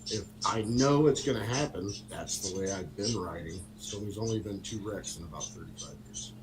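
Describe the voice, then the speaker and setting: A man's voice: lowish voice, moderate pace, crowd noise, poor audio. A middle-aged man telling a casual story with many fillers and frequent laughter. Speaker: guest on a motorcycle talk stream.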